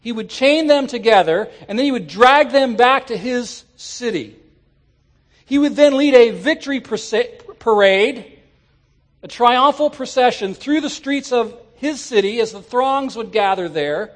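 Male pastor preaching, high voice, animated sermon delivery. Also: measured pace. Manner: animated preaching, rising to shouts. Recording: church sermon audio.

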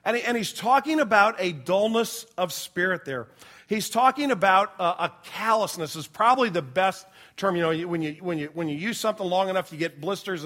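A middle-aged man preaching a sermon as a pastor, telling stories earnestly and dropping to a hush for grave points, with frequent restarts. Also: fairly high pitch.

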